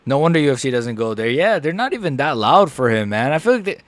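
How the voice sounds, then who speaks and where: A man giving casual, excitable live reaction commentary as a streamer, chatty and full of slang. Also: medium pitch, fast, dry recording. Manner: chatty, excitable, lots of "like" and "bro".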